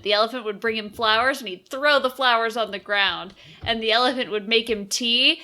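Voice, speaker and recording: Bright, fairly high woman cohost spinning a silly story, cusses for laughs. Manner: playful storyteller, swears for comic effect. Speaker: podcast co-host. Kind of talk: casual chat.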